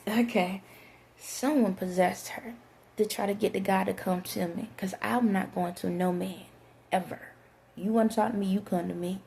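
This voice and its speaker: Gravelly low-toned woman telling a story. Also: dark tone. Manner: conversational, drifts into quoted dialogue and spiritual asides. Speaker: vlogger. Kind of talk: rambling storytime monologue.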